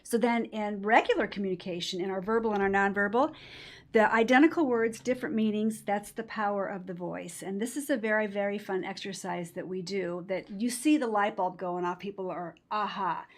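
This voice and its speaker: A woman's voice: medium pitch, a little fast. A woman trainer in an interview, explaining points emphatically and acting out quoted lines. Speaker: patient-experience trainer. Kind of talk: interview conversation.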